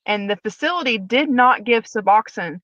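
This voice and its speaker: A woman's voice: a little high, expressive, normal speed, a bit bright, no echo, highs cut off. A woman, a former prison officer, candidly telling her personal story as a guest and acting out the dialogue as she retells it.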